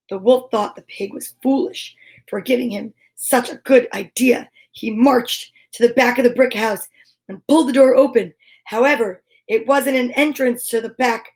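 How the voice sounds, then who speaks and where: A woman telling a fairy tale aloud in a slow, playful comic reading with little asides. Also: a little high, a little mellow. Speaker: storyteller. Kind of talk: comic storybook narration.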